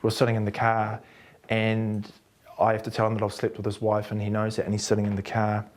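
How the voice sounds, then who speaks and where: A man's voice: lowish voice, a little fast. New Zealand man telling acting stories. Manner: animated, acts out quotes of others. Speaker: actor. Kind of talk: anecdotal interview storytelling.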